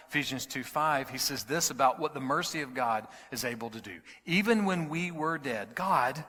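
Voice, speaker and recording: A man preaching a sermon as pastor, swinging from loud emphasis to a hushed whisper. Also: a little high. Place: church sanctuary. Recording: hall reverb.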